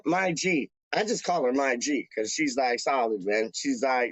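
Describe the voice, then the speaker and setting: The recording is dry, dull and lo-fi, carrying a man's fairly high, animated voice at a slightly slow pace. Living in Canada, a time zone from England, he chats loosely to fan channel viewers, rambling, slangy and repetitive.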